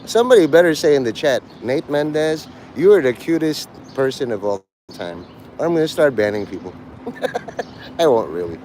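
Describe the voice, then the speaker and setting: Animated, crude rambling male livestreamer. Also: mid-range voice, normal speed, slight background noise. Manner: crude, rambling, jokey, breaks into laughter. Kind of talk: rambling live-stream chat.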